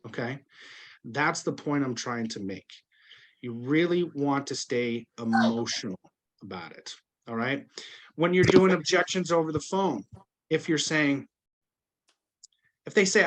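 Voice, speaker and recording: A man's voice: medium pitch, unhurried, pauses often. Man coaching a sales team. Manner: coaching, conversational, addresses group directly. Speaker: sales trainer. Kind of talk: team training talk.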